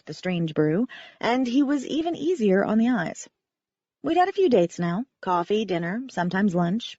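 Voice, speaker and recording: A woman narrating a first-person audiobook in a wry, animated manner. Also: medium pitch, no echo, highs cut off.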